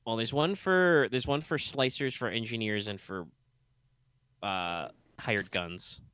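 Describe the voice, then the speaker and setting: A man serves as game master for a tabletop game, narrating loosely and rambling with lots of fillers and restarts. His voice is mid-range and a bit bright, his pace slow, and a little hiss or hum sits under the recording.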